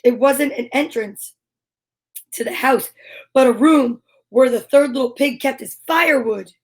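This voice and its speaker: A woman telling a fairy tale aloud in a slow, playful comic reading with little asides. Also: high-pitched. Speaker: storyteller. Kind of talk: comic storybook narration.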